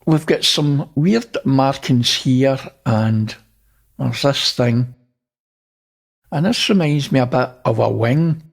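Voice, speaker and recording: A man's voice: mid-range voice, slow, creaky. A man hosting, casually talking through images and pointing things out. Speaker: host. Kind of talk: casual narration over images.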